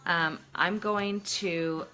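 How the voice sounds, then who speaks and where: A woman's voice: fairly low pitch, fairly even intonation, very slow, sharp tone. A middle-aged woman chatting casually through a makeup tutorial, self-deprecating and talking as she works. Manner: chatty, self-deprecating, talks while working. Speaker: makeup vlogger.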